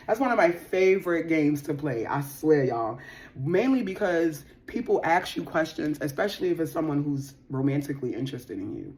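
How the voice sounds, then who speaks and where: A woman with a deep, darkish voice gives a casual tarot reading to her viewers. The tarot reader is chatty, slangy, and playful, laughing often.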